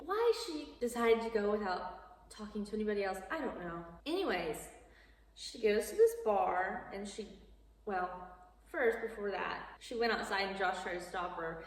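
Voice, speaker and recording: A woman's voice: moderate pace, soft background music. A young woman casually retelling a film plot, chatty and amused, jumping into little voices for the characters. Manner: chatty, amused, acts out quotes with lively pitch jumps. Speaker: vlogger. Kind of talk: casual movie recap storytelling. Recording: roomy, echoey, from a distance.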